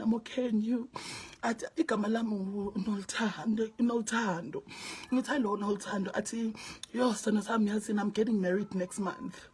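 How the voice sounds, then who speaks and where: A woman's voice: fairly high pitch, darkish tone, slightly rough. A distraught South African woman telling viewers a story, her voice tearful, dropping to whispers and rising to pleading. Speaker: vlogger.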